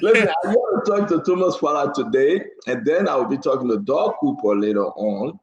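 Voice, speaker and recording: A man hosting a live political talk show, animated, teasing and laughing as he talks. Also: medium pitch, a little fast, roomy sound, muffled recording. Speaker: show host. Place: New Jersey.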